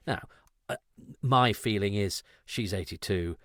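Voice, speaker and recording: A man's voice: on the low side, measured pace, a bit bright, no room sound, studio quality. A man hosting a podcast, talking in a rambling, self-interrupting, candid and reflective way. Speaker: podcast host. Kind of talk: casual conversational podcast discussion.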